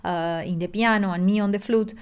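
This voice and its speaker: A woman's voice: medium pitch, fairly even intonation, fairly quick, a little mellow, clear, resonant tone. Middle-aged woman; online lesson delivery, patient, explanatory, many restarts. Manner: explanatory, with frequent fillers and restarts. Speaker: music lecturer.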